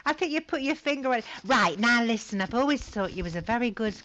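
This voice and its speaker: A woman's voice: on the high side, expressive, fast, a bit bright, lo-fi sound. A woman hosting a podcast, chatting casually in a playful, teasing way and calling her guest "love". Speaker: podcast host.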